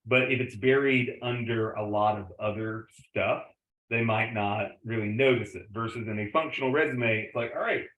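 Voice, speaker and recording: A man's voice: lowish voice, fairly even intonation, moderate pace, a bit bright. A middle-aged man giving a casual lecture on resume writing, rambling with many fillers and self-corrections. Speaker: instructor. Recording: roomy, slightly dull home recording.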